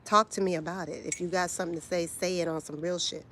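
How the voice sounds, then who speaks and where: A woman's voice: on the low side, fairly even intonation, fast talker, a bit bright, a little hiss or hum. A woman, delivering a blunt, profane, confrontational rant straight to camera as a vlogger. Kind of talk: heated direct-to-camera rant.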